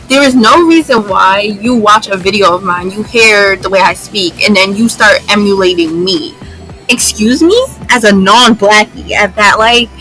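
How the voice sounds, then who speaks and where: A woman's voice: on the high side, pushed and bright, poor audio. A young woman vlogger ranting in exasperation, repeating her lines for emphasis. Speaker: YouTuber. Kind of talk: vlog commentary rant.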